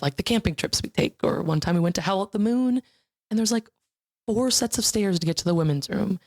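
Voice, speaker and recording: A young woman from Iowa, a guest on a podcast, telling improv stories in a bubbly, animated way and laughing often. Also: lowish voice. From Iowa, USA. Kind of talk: casual chat.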